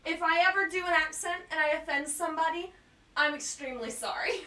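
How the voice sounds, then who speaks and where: High-voiced gal chatting on her home stream, bubbly and giggly, pokes fun at herself. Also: fairly quick, bright, forceful tone. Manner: bubbly, laughs often, chatty and self-deprecating. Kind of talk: casual live-stream chat. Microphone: webcam and computer mic.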